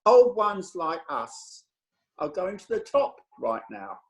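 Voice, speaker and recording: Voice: medium pitch, very animated, takes it slowly. Someone doing a cheeky old clerk, dry comebacks, voice goes up and down a lot, echoey room. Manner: dry, cheeky, laconic backtalk. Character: sly, insolent old male town clerk. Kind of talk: comic stage reading.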